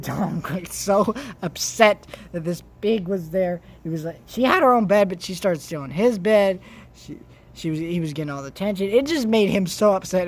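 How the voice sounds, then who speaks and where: A young vlogger telling a rambling home story in casual chat, with many restarts and animated swings between loud bursts and quiet asides. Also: medium pitch.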